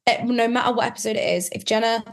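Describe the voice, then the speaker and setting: A woman's voice: fairly high pitch, fairly even intonation, quick pace. A woman guest on a podcast, chatting casually in an emotional, rambling way full of "like". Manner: emotional, rambling, heavy use of "like". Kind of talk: casual chat.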